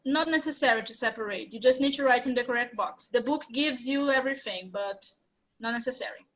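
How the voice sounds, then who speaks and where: A woman's voice: on the high side, fairly quick, fairly bright tone, muffled recording. A Brazilian woman whose first language is Portuguese, teaching an English class online and explaining step by step with patience.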